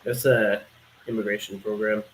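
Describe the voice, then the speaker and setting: A man chatting casually on a panel, agreeing often and filling pauses with "like" and "um". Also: on the low side, level tone, a little hiss or hum, rough recording. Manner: filler-heavy, agreeable. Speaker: panel participant. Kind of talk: casual online panel chat.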